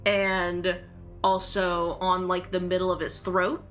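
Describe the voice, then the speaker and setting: Bright-voiced woman narrating a tabletop game. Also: fairly low pitch, level tone, slow, faint music behind. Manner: chatty narration full of likes and uhs. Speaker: dungeon master.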